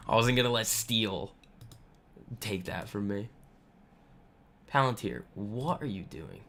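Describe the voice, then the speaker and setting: A man's voice: on the low side, big pitch swings, extremely slow, gravelly, pauses often, a bit bright, a little hiss or hum. A man hosting a live trading stream, talking casually and a little boastfully about stocks while answering viewers' comments. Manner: chatty and boastful, lots of fillers. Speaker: trading livestream host. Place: home room.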